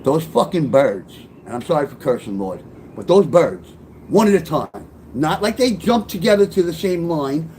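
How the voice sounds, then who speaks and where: A man's voice: on the high side, animated, moderate pace, darkish tone, slight background noise. A middle-aged man telling a personal testimony, rambling, swearing and breaking into tearful outbursts. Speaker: author telling his life story.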